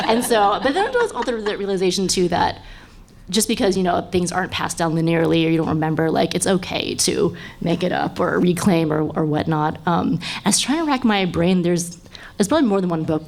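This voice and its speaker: A woman's voice: fairly low pitch, gravelly. Chatty woman who laughs a lot. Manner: chatty, laughs often, lots of fillers. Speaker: panel guest. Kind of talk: live podcast panel chat.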